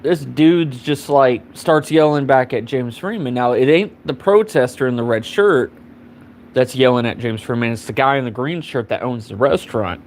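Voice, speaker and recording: A man's voice: medium pitch, normal speed, a little hiss or hum. Rambling, profane man telling a story. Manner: rambling and profane, heavy on fillers. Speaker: live streamer. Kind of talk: casual storytelling.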